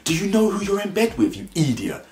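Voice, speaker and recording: A man's voice: very animated, a little fast, darkish tone, roomy sound. A man ranting about a reality show, blunt and mocking, mimicking the people he talks about. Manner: blunt, mocking, mimics cast members in high voices. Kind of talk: animated opinion rant.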